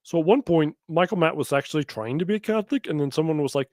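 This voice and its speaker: A man hosting a podcast, giving sarcastic, mocking commentary on clips he plays, with quick asides. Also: on the high side, lively intonation, a little mellow, dry recording, studio quality. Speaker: podcast host.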